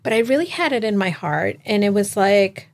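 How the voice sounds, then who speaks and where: A woman's voice: mid-range voice, lively intonation, moderate pace. A woman business coach hosting a casual conversation, talking in an encouraging, reflective way.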